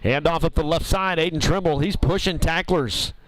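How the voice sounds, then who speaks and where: A man calling a high school football game play by play, brisk and upbeat. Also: a crowd in the background, low-quality recording. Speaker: play-by-play announcer.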